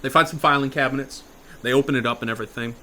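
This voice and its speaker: A man's voice: mid-range voice, racing, a little hiss or hum. Brash man telling a horror story. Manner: casual, profane, swings from hushed to loud. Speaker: improv storyteller. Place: virtual reality chat room.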